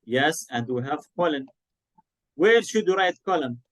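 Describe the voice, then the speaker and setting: A man's voice: fairly high pitch, lively intonation, measured pace. A man with an Arabic accent teaching an online English class, mixing in Arabic and quizzing his students. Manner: switches between English and Arabic, asks students questions.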